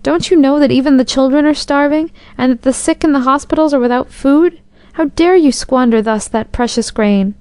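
A woman's voice: high-pitched, moderate pace, few pauses, a little mellow, dry recording, pitched above the performer's own voice, lightly acted. An indignant, exclaiming town mayor, as a woman puts him on. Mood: outraged. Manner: exclaiming, commanding. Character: anxious, indignant elderly male town mayor. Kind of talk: storybook narration.

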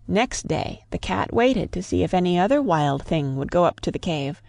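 Female storyteller, steady rhythmic read-aloud, gravelly edge, close dry recording. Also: lowish voice, no room sound. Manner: measured, rhythmic storybook narration. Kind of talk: reading a classic story aloud.

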